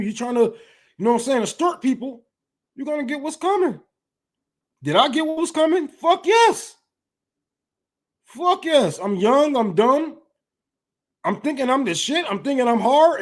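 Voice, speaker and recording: A man from Detroit hosting a casual livestream, talking bluntly and heatedly with lots of profanity. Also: very high voice. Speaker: livestream host.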